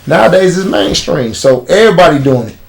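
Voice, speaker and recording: A man's voice: fairly high pitch, lively intonation, a little fast, vocal fry. A man with a Chicago accent, an interview guest telling stories bluntly in street slang. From United States. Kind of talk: casual interview storytelling.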